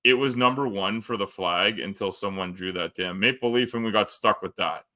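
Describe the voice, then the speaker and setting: A Canadian man with a bright, lower-pitched voice hosts a casual live stream with a Canadian accent. He rambles and jokes, full of fillers and restarts. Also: moderate pace. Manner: rambling, joking, lots of fillers. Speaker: host.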